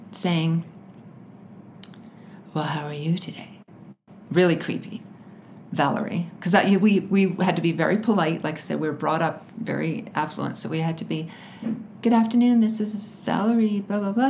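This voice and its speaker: Guest: woman, lowish voice, earnest and halting, slight background hiss. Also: gravelly. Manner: earnest, halting, with nervous laughs. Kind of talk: personal storytelling in conversation.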